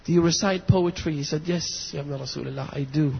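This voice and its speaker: Impassioned husky male preacher in a hall. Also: fairly high pitch. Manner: impassioned, builds to near shouts and weeping intensity; hushed, slow storytelling voice. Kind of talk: sermon. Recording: dull lo-fi audio in a long-reverb hall.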